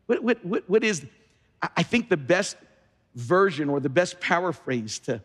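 High-pitched pastor man preaching, punchy, stumbles and repeats words, echoing church hall. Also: big pitch swings, normal speed, a bit bright, breathy edge. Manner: emphatic, repeats words when starting sentences. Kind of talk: sermon. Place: large church sanctuary. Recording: long reverb of a large hall.

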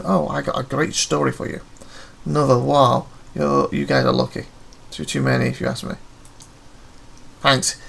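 A man's voice: medium pitch, little pitch movement, moderate pace, vocal fry, long pauses, fairly bright tone, breathy edge. A man playing a detective game, reading the characters' dialogue aloud and breaking off into offhand comments of his own. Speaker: let's play gamer.

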